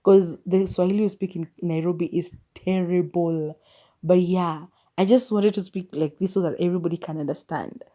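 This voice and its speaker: A woman's voice: fairly low pitch, fairly even intonation, moderate pace, warm tone. A Kenyan woman hosting a solo podcast, sharing her opinions in a candid, musing way. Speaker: podcast host.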